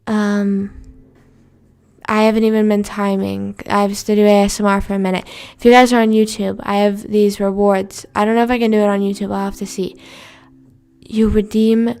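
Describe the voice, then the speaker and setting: A woman's voice: mid-range voice, level tone, normal speed, a little mellow. A woman live streaming in casual chat, rambling and venting with casual swearing.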